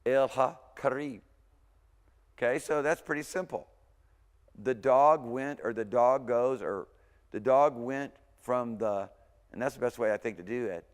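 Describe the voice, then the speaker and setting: A man giving a language lecture, chatting casually, sounding out words slowly and often checking in with okay. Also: medium pitch, long reverb tail. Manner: conversational, repeats words slowly for pronunciation, frequent okays. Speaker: Hebrew instructor. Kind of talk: recorded university lecture.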